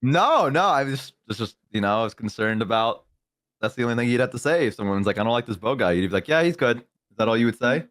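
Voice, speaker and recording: A man telling rambling stories in a casual chat, swearing and laughing loudly. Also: mid-range voice, animated, fast, no room sound. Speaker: guest on a stream.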